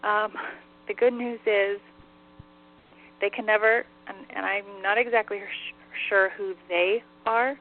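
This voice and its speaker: A woman's voice: medium pitch, steady tone, unhurried. A woman working as a medium on a call-in radio show, relaying spirit messages in a chatty way, laughing easily and saying "like" often. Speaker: psychic medium. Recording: tinny phone line with faint hiss.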